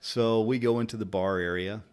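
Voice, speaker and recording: Low-voiced Kentucky man telling stories. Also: moderate pace, clean tone. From Louisville, Kentucky. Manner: rambling storyteller, animated retelling of anecdotes. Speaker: barber and interviewer. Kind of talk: casual chat.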